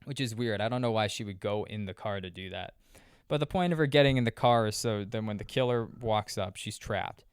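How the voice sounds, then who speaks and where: A man's voice: on the low side, fairly quick, clear, resonant tone, dry recording, studio quality. A young man recapping a movie in loose, profane casual chat, full of fillers and restarts. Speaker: podcast host reviewing a movie. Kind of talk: casual rambling film recap.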